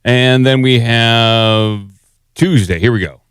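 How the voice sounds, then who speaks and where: A man hosts a podcast, chatting casually and rambling as he runs clips and fixes the audio on the sound board. His medium-pitched voice is clear, resonant, and a bit bright, and he speaks slowly.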